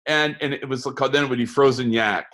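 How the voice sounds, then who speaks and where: A middle-aged man, a game designer being interviewed, telling stories in an animated way and often restarting his words. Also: mid-range voice, fast talker. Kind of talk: storytelling interview talk.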